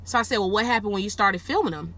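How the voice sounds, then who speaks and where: A woman sits in her car and tells a story straight to the camera, loose and profane. Her voice is bright and sits in a middle pitch, leaping up high whenever the tale gets outrageous. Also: very fast, slight background noise. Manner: animated, swears a lot, bursts high when excited. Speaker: rideshare driver telling stories. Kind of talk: casual storytelling vlog.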